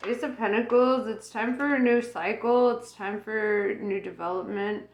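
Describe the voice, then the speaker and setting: A woman's voice: medium pitch, normal speed. A woman giving a casual tarot reading who rambles with lots of fillers and laughs often. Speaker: tarot reader. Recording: roomy echo.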